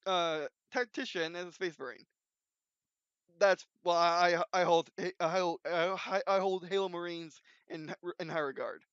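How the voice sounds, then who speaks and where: A man with a high, clean, smooth voice talks unscripted, circling back on himself with restarts and "um"s. The recording is dull and lo-fi but dry, with no room sound. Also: a bit bright, dry recording. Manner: rambling, many restarts and fillers. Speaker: video host. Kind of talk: unscripted casual commentary.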